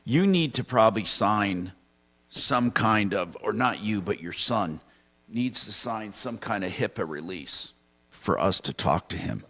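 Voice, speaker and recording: Firm, low-voiced male call-in host. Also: animated, unhurried, a bit bright. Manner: firm, pressing questions, then reads sponsor spots. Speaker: consumer advocate radio host. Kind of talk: live call-in radio talk.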